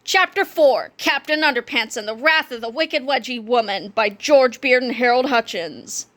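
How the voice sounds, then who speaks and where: Playful high-voiced woman reading aloud. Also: moderate pace, fairly bright tone. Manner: playful, adds joking asides. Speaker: reader. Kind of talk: children's book read-aloud.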